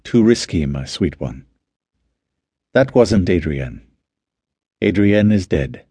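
Guy voicing a gentle protective husband, real low and soft, slow and soothing. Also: very animated, breathy edge, dry recording, heavily acted. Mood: tender. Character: tender protective young husband, calm.

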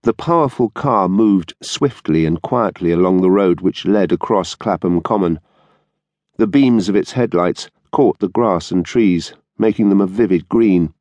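A man narrating an audiobook in a measured, steady storytelling manner. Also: low-pitched, no room sound. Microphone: studio microphone.

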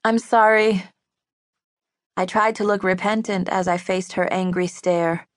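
A woman narrating a novel in the first person, even and measured, recorded in a studio booth. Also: lowish voice, no echo. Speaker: audiobook narrator. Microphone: studio microphone.

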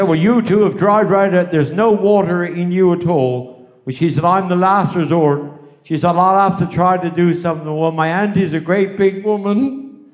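Older West Country stand-up, high-pitched voice, rambling rude anecdotes for a live crowd. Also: male voice. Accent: West Country English. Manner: rambling bawdy yarn-spinning with repeated "I said, she said". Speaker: stand-up comedian. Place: live stage show.

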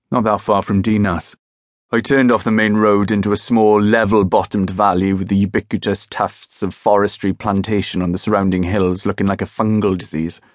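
A man narrating a first-person crime novel audiobook in a wry, measured, deadpan manner. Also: lowish voice, no echo, studio quality. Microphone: close studio mic.

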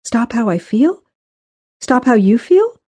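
A woman's voice: on the low side, lively intonation, a little slow, dark tone, slightly rough, heavily acted. A smitten, wistful married woman. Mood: longing.

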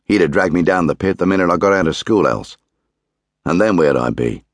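Man reading a miner's son, nottinghamshire accent, blunt, grumbling, low voice. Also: animated, fairly quick, no room sound. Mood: bitter. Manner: blunt, plain-spoken, grumbling. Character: blunt bitter middle-aged miner's son.

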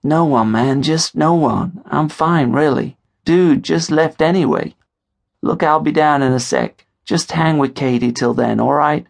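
A jumpy young college guy, played by a male narrator talks out of breath and waves every worry away with slangy reassurance. His voice sits higher than the narrator's own, with a gravelly grain. It is an audiobook voice. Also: a little slow. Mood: evasive. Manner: brushes things off casually, slangy.

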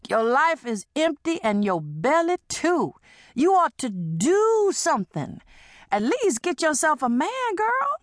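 A woman's voice: high-pitched, big pitch swings, slow pace, no room sound, clean studio sound, voice pushed up, heavily acted. A woman reading an audiobook and voicing a brash, hard-drinking woman who teases and schemes. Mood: teasing. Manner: teasing, bawdy, persuasive.

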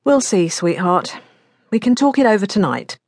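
A woman narrator voicing a practical middle-aged mother and detective who talks brisk and matter-of-fact. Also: medium pitch, big pitch swings, darkish tone, no room sound, clean studio sound.

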